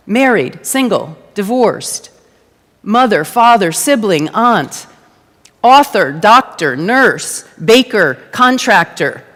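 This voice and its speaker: A woman's voice: a little high, in a large hall. A woman giving a conversational, playful sermon to a congregation and asking them to answer back. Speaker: guest speaker at a church service. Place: church sanctuary before a congregation.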